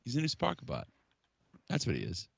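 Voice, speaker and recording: A man co-hosting a casual toy podcast, eager and quick to laugh. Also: mid-range voice, huge pitch swings, gravelly, slightly rough, no echo, highs cut off. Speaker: podcast co-host. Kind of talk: casual chat about toys.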